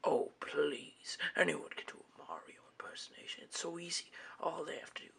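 A performer voicing a sarcastic male Boo ghost in a whispered role-play, with a raspy, creaky whisper. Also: mid-range voice, normal speed, a bit bright, exaggerated voice. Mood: scoffing. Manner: sarcastic and mocking. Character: scoffing male Boo ghost, a dry mocker.

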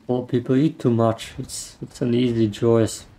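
A man with a German accent and vocal fry, giving rambling, joking commentary while playing a game into a desk mic. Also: medium pitch, little pitch movement, a little slow, mellow, slight background noise, rough recording. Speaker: gamer. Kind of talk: gameplay commentary.

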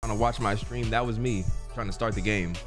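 Low-voiced man rambling through gameplay. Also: fairly even intonation, brisk, over music. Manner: slangy, rambling, says bro constantly; reads game dialogue aloud. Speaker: streamer. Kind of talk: casual gameplay commentary.

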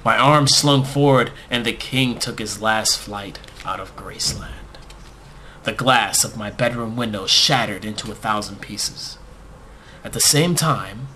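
A man narrating a comic first-person story in a deadpan, overblown storyteller manner. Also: lowish voice, slight background noise.

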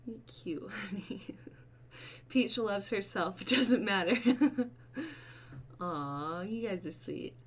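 A woman hosting a casual livestream, chatting with her viewers, swearing and breaking into bursts of excited shouting. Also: medium pitch, slow pace, long pauses, husky. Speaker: livestream host.

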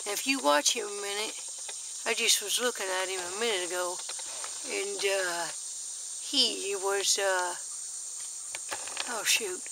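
A woman, chatting in a folksy, easily excited way as she films bugs in her backyard garden on a handheld camera. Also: medium pitch, unhurried, creaky, pauses often, background noise. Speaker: nature vlogger. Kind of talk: casual nature walk-and-talk.

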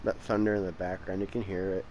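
A man's voice: deep voice, level tone, quick pace, a little mellow, slight background noise, low-quality recording. A young man hosting a let's-play channel, giving casual commentary as he plays. He is tired and yawning, and he grows impatient, talking back to the game. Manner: frustrated, impatient, talks to the game. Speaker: gameplay channel host.

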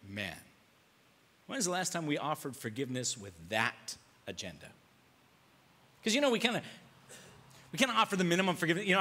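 A man's voice: on the high side, sing-song, fairly quick, long pauses, sharp tone. A male pastor preaching a sermon, acting out quoted lines and firing off rhetorical questions. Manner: dramatic, acts out quoted voices, rhetorical questions.

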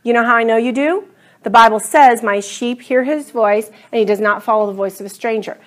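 A woman teaching a class Bible study in a conversational, animated way, acting out her own prayers. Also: a little high, a little fast.

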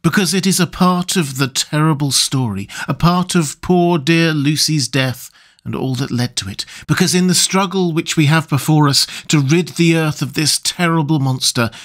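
A grave, resolute young gentlewoman from a gothic audiobook, as a male narrator puts her on, her lines lifted somewhat higher than his own voice. She speaks gently and pleadingly yet stays steady and firm. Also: moderate pace, close to an everyday voice. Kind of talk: audiobook character reading.

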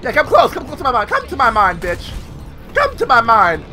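A man commentating his own gameplay as a video host, excitable and swearing a lot, often squealing. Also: extremely high pitch, brisk. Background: game music and sound effects.

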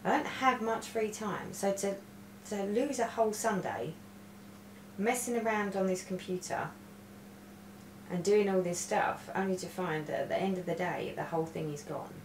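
A woman's voice: mid-range voice, moderate pace, slight background noise. A middle-aged woman chatting casually about her stitching, telling a rambling story with lots of restarts. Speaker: cross-stitch vlogger. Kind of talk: casual stitch-along chat. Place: room at home. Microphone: webcam. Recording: roomy echo.

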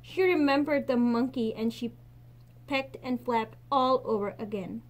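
Expressive woman reading a picture book. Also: fairly high pitch. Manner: expressive, slows and softens at gentle endings. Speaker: teacher.

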